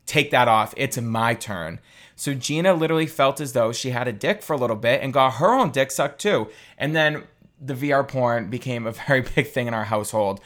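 A young man telling a casual, candid story, animated and swearing freely. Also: mid-range voice.

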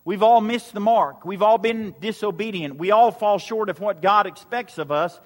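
A man preaching in a high, bright register, repeating a question back to his congregation again and again. His words ring out with a long reverb that fills the large hall. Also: normal speed. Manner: repetitive call-and-response preaching. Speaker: pastor. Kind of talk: sermon. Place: church sanctuary.

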